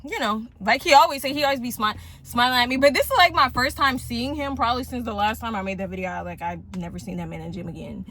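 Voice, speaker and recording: A woman's voice: fairly high pitch, quick pace, few pauses, sharp tone, a little hiss or hum. Chatty woman vlogging from her car. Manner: chatty, rambling storyteller who addresses viewers directly. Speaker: vlogger, single mom. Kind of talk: casual chat to viewers. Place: parked car.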